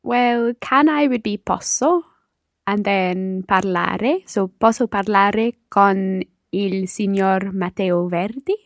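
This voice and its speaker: A woman's voice: medium pitch, slow pace, no echo, studio quality. A woman learning a language, answering tentatively and guessing words as questions.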